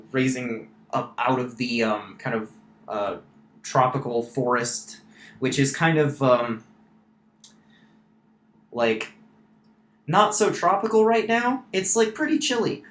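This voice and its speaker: A man's voice: medium pitch, a bit bright. A man narrating a tabletop game as game master, casual and full of fillers. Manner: casual, many fillers and restarts. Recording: roomy echo.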